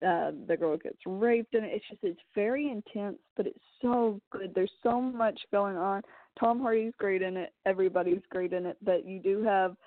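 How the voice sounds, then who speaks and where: A woman chatting casually about a film, retelling scenes in an animated, rambling way with lots of filler words. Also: mid-range voice, normal speed, no room sound. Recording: tinny phone-like sound.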